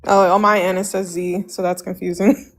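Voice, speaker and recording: A woman calling into a live stream, curt and defensive, firing sharp questions back. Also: fairly low pitch, flat delivery, normal speed. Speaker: caller. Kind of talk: defensive argument on a live call.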